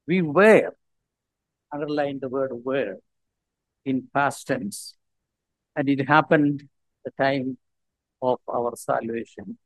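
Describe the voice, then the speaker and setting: A man preaching a sermon as a visiting speaker, halting with frequent restarts and reading scripture slowly and deliberately. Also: medium pitch, dry recording, rough recording.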